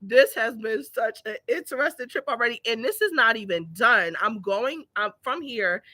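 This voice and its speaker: Animated Philly woman telling stories. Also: moderate pace, no echo. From Philadelphia. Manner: animated, breaks into laughter and high-pitched yelling while telling stories. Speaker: business owner vlogging. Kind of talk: casual storytelling vlog.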